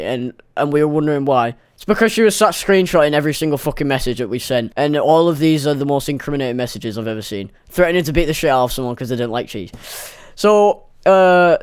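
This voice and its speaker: A man's voice: fairly high pitch, dry recording, studio quality. Sweary young man telling a story. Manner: sweary, rambling, self-mocking. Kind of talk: casual storytime monologue.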